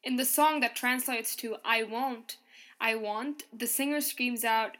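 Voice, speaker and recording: A woman's voice: a little high, measured pace. Woman narrating a scripted podcast. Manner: reads from a script in an even, explanatory tone, counting beats aloud.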